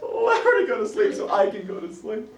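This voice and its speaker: Animated male lecturer in an echoey classroom. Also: sits high, fairly quick, far from the mic. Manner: lively storyteller, acts out his own reactions, asks the class questions. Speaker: college psychology lecturer.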